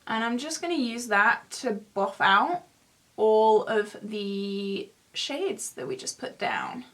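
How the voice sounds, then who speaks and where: A woman's voice: fairly high pitch, very animated, slow pace, a bit bright. A young woman in her twenties chatting in a rambling, self-mocking way while doing her makeup for a beauty vlog. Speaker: beauty vlogger. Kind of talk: casual get-ready-with-me chat.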